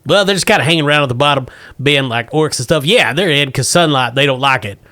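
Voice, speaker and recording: A man voicing an ancient, magically animated male moth that is crude and cranky. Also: medium pitch, quick pace, natural voice.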